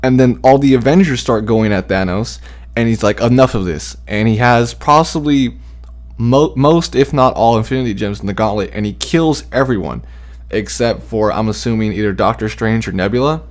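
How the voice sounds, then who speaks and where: A man's voice: medium pitch, moderate pace. A man casually sharing fan theories, rambling with many fillers and the odd swear word. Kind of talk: casual chat.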